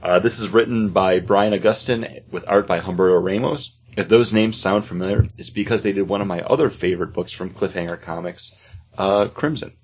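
A man's voice: sits low, a little fast, husky. A man co-hosting a casual podcast chat, enthusiastic, often restarting his sentences. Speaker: podcast co-host.

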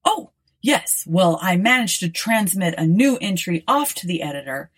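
A woman's voice: on the low side, very animated, moderate pace. A woman voicing a breezy, unflappable male alien traveler in an audiobook, with an offhand, matter-of-fact delivery.

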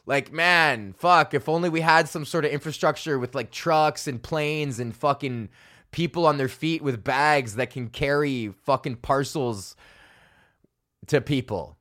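This young stand-up comedian and podcast host has a slightly high, sharp voice at a normal pace. He rants casually and sarcastically, swearing often and sounding exasperated.

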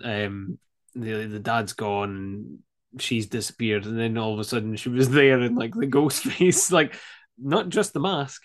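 A man's voice: medium pitch, a little slow. Rambling man chatting about films. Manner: rambling, laughs often, swears. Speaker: podcast co-host. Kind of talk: casual film chat.

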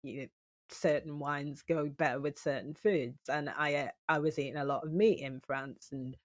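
A woman's voice: low-pitched, moderate pace, no room sound. Chatty woman DJ guest, dry close sound. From United Kingdom. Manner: chatty, storytelling, lively asides. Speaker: podcast guest, DJ. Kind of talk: casual chat.

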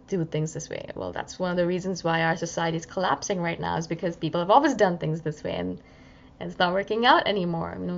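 A woman's voice: lowish voice, gravelly. A woman talking through a casual reflective podcast monologue, chatty and acting out inner voices. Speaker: self-help podcaster. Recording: slightly dull lo-fi audio.

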